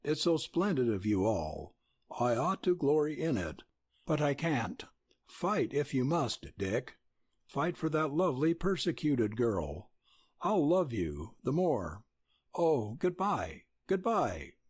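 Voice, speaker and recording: A man's voice: mid-range voice, big pitch swings, slow, darkish tone, husky, no echo, clean studio sound, full character voice. A man reading the part of a trembling young woman in love, tearful and faltering as she speaks.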